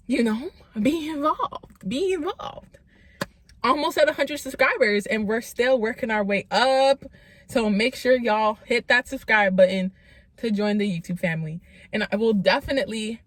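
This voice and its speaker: A woman telling a story to her channel's viewers in a casual storytime vlog. She is animated, says "like" a lot and acts out what people said. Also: on the high side, dry recording. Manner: animated, lots of "like", acts out quotes.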